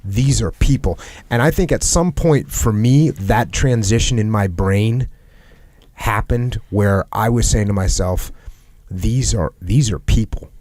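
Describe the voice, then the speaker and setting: A man's voice: on the low side, a little slow, a little mellow, dry recording. A middle-aged man hosting a podcast. He talks in an earnest, reflective way and repeats phrases for emphasis. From United States. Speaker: podcast host. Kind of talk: reflective conversational talk.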